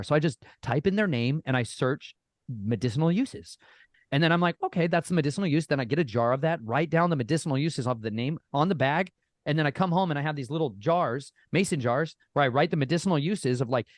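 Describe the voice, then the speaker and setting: A man talking casually as a podcast guest, folksy and animated, often addressing listeners as y'all. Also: a little high, no echo, clean studio sound. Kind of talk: casual storytelling chat.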